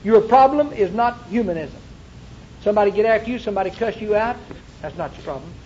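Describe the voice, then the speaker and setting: A man's voice: sits high, lively intonation, fast, a little mellow, lo-fi sound, slight background noise. A male pastor preaching a sermon to a congregation, with emphatic repetition and rhetorical questions. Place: church before a congregation.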